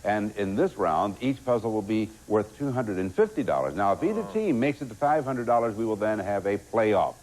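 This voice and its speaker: A man hosting a game show, lively and encouraging, quick to laugh with the players. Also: on the low side, poor audio.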